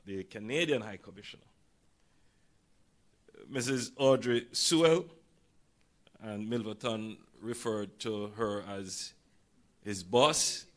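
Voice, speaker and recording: A hoarse Jamaican man addressing a signing ceremony as prime minister, greeting dignitaries with relaxed, wry asides. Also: fairly low pitch, slow, long pauses. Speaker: prime minister giving a speech. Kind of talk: formal ceremony speech with acknowledgments.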